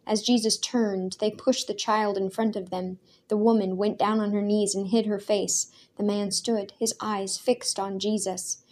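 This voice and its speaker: A woman narrating a storybook aloud in a steady, expressive way. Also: mid-range voice, a little slow, few pauses. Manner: steady and expressive, with vivid character voices.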